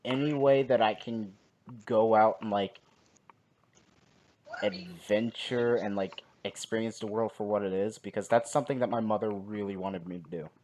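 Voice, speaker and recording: A man's voice: lowish voice, normal speed, darkish tone, lightly acted. A young man voicing a polite, sheltered young monk who asks hesitantly, in a noisy recording. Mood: polite earnest.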